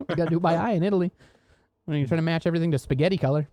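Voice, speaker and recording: On the high side and mellow, this American podcast co-host talks rapid-fire in a dry recording. He chats casually, rambling through work stories with laughter and plenty of swearing.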